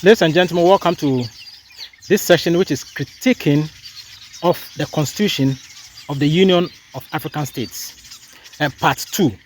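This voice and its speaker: A man's voice: fairly high pitch, moderate pace, pauses often. A man from Ghana hosting a session of political commentary, speaking emphatically and repeating phrases for stress. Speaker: host.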